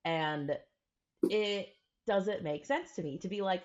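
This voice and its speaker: A woman co-hosts a casual podcast and talks in an earnest, thoughtful way. Her voice sits somewhat low. The recording sounds dull and lo-fi. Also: takes it slowly, darkish tone. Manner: earnest, talks things through with quoted examples. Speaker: podcast co-host.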